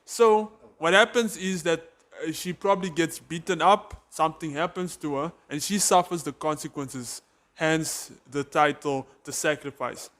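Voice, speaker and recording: A man's voice: a little high, normal speed, fairly bright tone. A South African man co-hosting a podcast, rambling and joking in casual chat. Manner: jokey, rambling. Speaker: podcast co-host.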